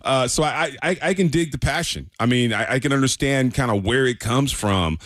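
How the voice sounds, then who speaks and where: A man's voice: medium pitch, moderate pace, fairly bright tone, no echo, clean studio sound. A man co-hosting a sports talk radio show, speaking in an easygoing way with many restarts. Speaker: radio co-host.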